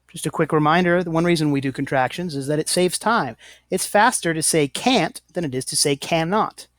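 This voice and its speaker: A man's voice: fairly high pitch, no echo. A man teaching a lesson, explaining patiently and correcting himself often. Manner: patient, self-correcting, apologetic. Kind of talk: slow, deliberate classroom explanation.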